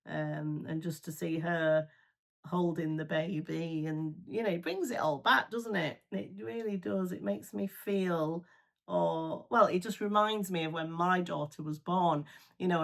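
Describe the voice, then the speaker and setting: Chatty grandmother, low gravelly voice. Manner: chatty and gushing, with many fillers. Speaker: beauty vlogger. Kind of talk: casual chat while doing makeup.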